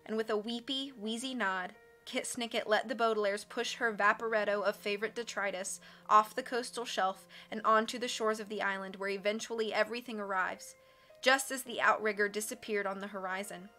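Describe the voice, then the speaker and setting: A woman reading a storybook aloud on a livestream, expressive and voicing each character, with soft music behind her. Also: medium pitch, a little fast. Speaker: audiobook reader. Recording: faint background music. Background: soft instrumental music.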